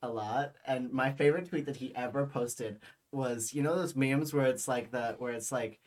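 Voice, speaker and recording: A man's voice: medium pitch, moderate pace, a little mellow. A young man co-hosting a podcast, telling rambling stories in casual chat with many fillers and restarts. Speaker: podcast co-host.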